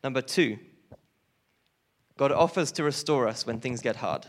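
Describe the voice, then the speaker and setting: A man's voice: medium pitch, unhurried. A young man giving an earnest personal testimony in a church talk, his voice rising when he stresses a point. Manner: earnest, rises with emotion on key points. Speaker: speaker sharing a testimony.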